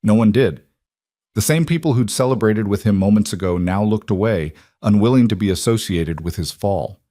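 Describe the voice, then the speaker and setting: Man reading a cowboy story, low voice, dead dry sound. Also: lively intonation, mellow, no echo. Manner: measured, dramatic storytelling. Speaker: narrator. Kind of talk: scripted narration.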